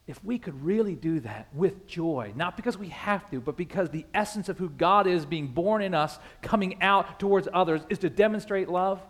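A man's voice: sits high, lively intonation, moderate pace, hardly any pauses. A man preaching a sermon in a church, asking rhetorical questions that swell and fade. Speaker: pastor.

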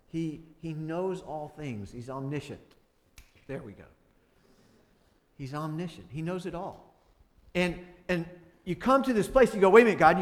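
Guy preaching, kinda high voice, gets loud acting out prayers then goes quiet and soft. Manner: animated, rising loud when acting out prayers and dialogue, dropping soft for grief. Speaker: pastor. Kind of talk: sermon.

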